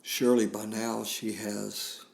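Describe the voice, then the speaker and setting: Older guy podcast host, real slow and gravelly, grave story told with long pauses. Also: lowish voice, level tone, a little mellow. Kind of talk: solemn storytelling monologue.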